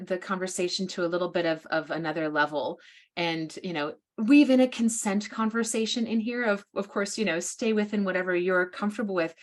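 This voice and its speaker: A woman's voice: on the low side, a little fast. A woman hosting an interview, asking long, searching questions with many "you know"s. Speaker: host, interviewer. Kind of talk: interview chat.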